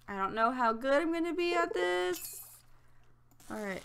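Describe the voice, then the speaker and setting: A woman playing a farming game and commenting casually, excitable, squealing and yelling at what happens on screen. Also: high voice, a little slow, vocal fry, pauses often, a little hiss or hum. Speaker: let's play gamer.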